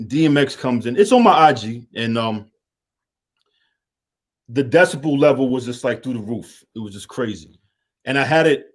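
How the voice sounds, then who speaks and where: Streetwise male guest, laid-back, chatty with lots of fillers, mid pitch. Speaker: guest, media and water business owner. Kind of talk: casual chat. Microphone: call-in line.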